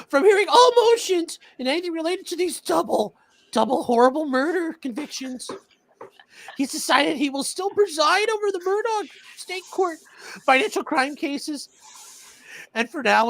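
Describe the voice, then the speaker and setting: A man's voice: gravelly, heavily acted. A man doing a whiny, weepy grown man. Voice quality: whiny, high and nasal. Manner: overdone self-pity, choking back tears. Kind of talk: comic impression on a live stream.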